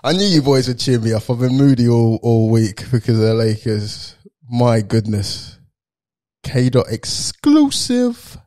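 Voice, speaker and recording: A man's voice: lowish voice, warm tone. A man hosting a casual sports panel podcast, upbeat, teasing, and often laughing. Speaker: podcast host.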